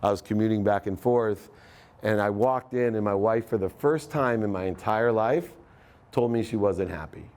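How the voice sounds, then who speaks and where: A man's voice: lowish voice, normal speed, darkish tone. A middle-aged man giving a live motivational talk, storytelling and acting out the voices in his story. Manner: storytelling, acts out quoted dialogue. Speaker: motivational speaker.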